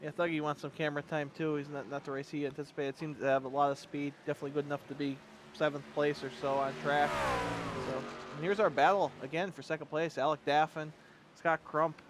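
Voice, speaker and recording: A man giving joking, excitable color commentary on a race. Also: on the high side, a little hiss or hum. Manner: joking, rapid, excitable banter.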